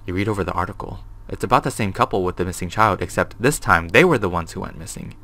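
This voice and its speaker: A young man runs a horror game playthrough, reading the on-screen text aloud and breaking off into jumpy, swearing reactions. His voice sits a little low but has a bright, forceful edge. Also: fast talker. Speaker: gaming video host.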